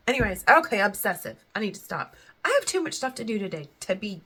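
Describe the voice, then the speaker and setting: A woman's voice: medium pitch, very animated, fast talker, sharp tone, slightly rough. A woman talking to camera in a casual faith vlog, earnest and heartfelt, chatty and rambling between thoughts. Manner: earnest and heartfelt, close to tears at times. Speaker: faith vlogger.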